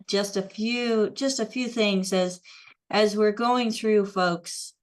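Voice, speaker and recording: A woman hosting a live show, upbeat as she reads out viewer comments and takes callers. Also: mid-range voice. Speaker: host.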